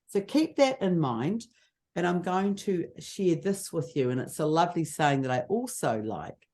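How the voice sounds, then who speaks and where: A woman teaching public speaking, showing voice techniques with lively examples. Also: lowish voice, normal speed. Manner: expressive, demonstrates voice techniques. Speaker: speaking coach. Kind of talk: teaching on a video call.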